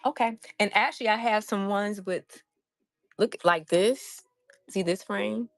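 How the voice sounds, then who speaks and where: A woman running a casual live stream where she sells handmade crafts. She is loud and excitable and chats with viewers in the chat. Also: mid-range voice, unhurried, vocal fry, no room sound, soft background music. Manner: loud, by her own word.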